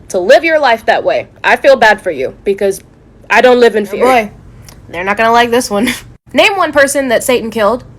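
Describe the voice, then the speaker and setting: A young woman speaks straight to camera in a blunt, opinionated vlog. She swears freely and laughs mockingly. Her voice sits a little high. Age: young adult. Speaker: vlogger. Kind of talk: casual opinionated commentary.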